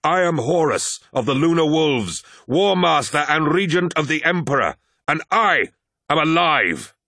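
A desperate warrior cries out in a raised, strained voice, his calls pitched well above the narration as a man puts him on in a storybook reading. The recording is close and dry, with no room around it. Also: animated, measured pace, no echo, exaggerated voice. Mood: triumphant. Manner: shouting, anguished. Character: desperate male warrior waking in a nightmare.

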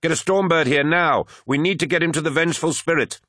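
A battle-hardened male apothecary, as a man reads him, barks urgent commands at his captain. The voice is raised and strained, pitched well above a deep speaking voice, with no room around it at all. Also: brisk, dry recording, studio quality. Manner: urgent shouting orders.

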